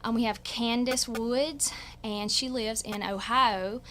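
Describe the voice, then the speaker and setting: A woman's voice: on the high side, fairly even intonation, takes it slowly, fairly bright tone, slight background noise. A woman from Louisiana with a country twang, a guest chatting and giggling on a radio show. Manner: giggly, rambling. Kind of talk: casual radio chat.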